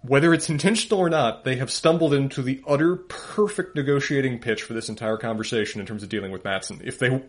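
Male podcast co-host, mid-pitch, thoughtful and analytical, casual talk. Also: quick pace, hardly any pauses.

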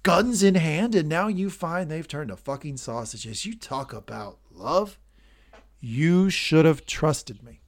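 A man putting on the voice of a ruthless older tycoon father, reading his lines in a loud, sneering, drawn-out way. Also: fairly high pitch, very animated. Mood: scornful.

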